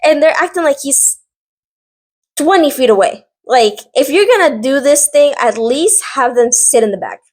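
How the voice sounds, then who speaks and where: A woman vlogger casually recapping a drama series, animated and rambling, filling her talk with "like" and side notes. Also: high voice, normal speed. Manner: animated, rambling, heavy use of "like".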